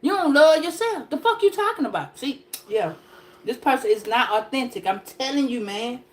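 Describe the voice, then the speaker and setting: High-voiced woman giving a profane tarot reading. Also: lively intonation, moderate pace, slight background noise. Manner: profane, rambling, joking. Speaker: tarot reader. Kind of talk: casual comedic tarot reading.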